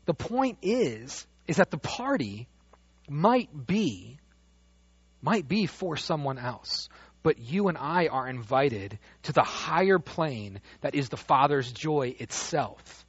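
A man preaching a sermon as pastor, animated, dropping to a hush and rising loud as he acts out the father's words. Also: fairly high pitch, measured pace, breathy edge, no room sound. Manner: animated, swings from hushed to loud when quoting the father. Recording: dull dry lo-fi sound.

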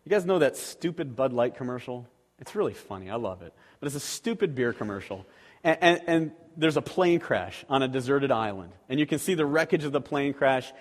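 A man's voice: medium pitch, lively intonation, a little fast. A man preaching a sermon as a pastor, talking conversationally with rhetorical questions to the congregation. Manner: acts out quoted voices animatedly. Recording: long reverb of a large hall.

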